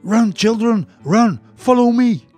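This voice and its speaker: A man's voice: very animated, a little slow, warm tone, breathy edge, soft background music, heavily acted. A man voicing a frightened mother mouse who urgently guides her children. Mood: alarmed. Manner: urgent, high-pitched warnings.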